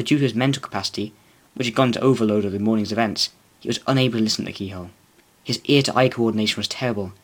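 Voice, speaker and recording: Guy with a lowish voice narrating a silly story, dry and measured. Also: a bit bright, slightly rough. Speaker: reader and podcast host. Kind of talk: comic storybook reading.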